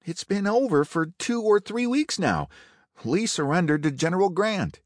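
A man voicing an exasperated Union shotgun guard calling out in a high, strained voice. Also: very animated, moderate pace, no room sound, studio quality. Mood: incredulous.

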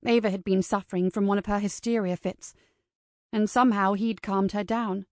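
This audiobook narrator is a woman reading from a script, her mid-range voice measured yet expressive. The studio sound is clean, with no room sound.

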